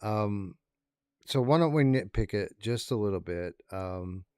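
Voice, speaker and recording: A man's voice: fairly low pitch, expressive, a little mellow, smooth, no room sound, studio quality. A man co-hosting a podcast, chatting casually through a game review and stopping to restart his sentences. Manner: halting, with many fillers and restarts. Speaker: podcast co-host.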